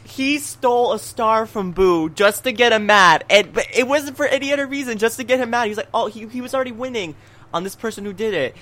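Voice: mid-range voice, brisk, fairly bright tone. Rambling speaker with stumbling restarts. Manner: rambling, repeats words, laughs often. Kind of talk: casual chat.

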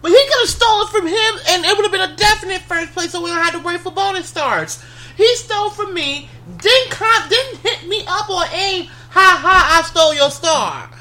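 High, bright-voiced woman ranting. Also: normal speed. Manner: heated, ranting, loud when riled. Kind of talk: casual chat.

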